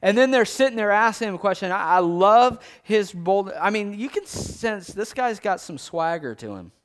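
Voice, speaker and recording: A man with a fairly high voice preaching a lively sermon. He acts out the scripture, rising loud and fast, then dropping low and slow for the King James verses. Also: smooth. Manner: animated, dramatizes scripture quotes with big swings in pitch and loudness.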